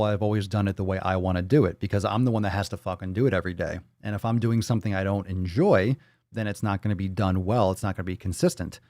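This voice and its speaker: A man's voice: lowish voice, darkish tone, dry recording, studio quality. A man hosting a livestream podcast, talking bluntly and profanely in a fired-up, casual way.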